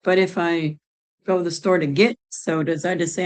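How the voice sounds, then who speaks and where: A woman's voice: fairly low pitch, steady tone, moderate pace, low-quality recording. A middle-aged woman from Ohio, chatting casually and rambling as she answers her viewers' chat. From Ohio, United States.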